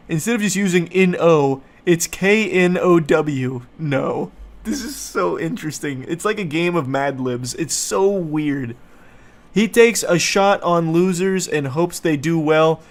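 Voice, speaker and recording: A man's voice: on the high side, unhurried. A man giving comedic commentary as he reads text messages aloud, sarcastic, profane and incredulous. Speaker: online commentator.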